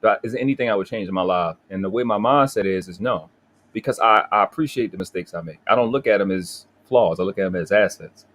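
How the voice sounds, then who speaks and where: A man's voice: fairly low pitch, fast, fairly bright tone. A man in his forties from Baltimore with a Baltimore accent, hosting a livestream in a profane, boastful, confrontational casual rant. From Baltimore, USA. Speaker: livestream host.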